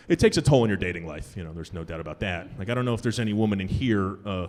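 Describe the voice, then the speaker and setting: Lively young man doing stand-up. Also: noisy background. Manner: animated, jumps into high-pitched punchlines. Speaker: stand-up comedian. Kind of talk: stand-up set. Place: comedy club stage. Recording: live club with long reverb.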